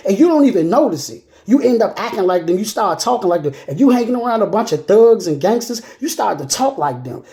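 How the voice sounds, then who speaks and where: A woman speaks as a motivational speaker, with a mellow, darker tone at a middle pitch. She drives her points home by repeating them in casual street phrasing. She keeps asking whether the listener is following her. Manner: emphatic and repetitive, often checking in with the listener. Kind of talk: motivational monologue.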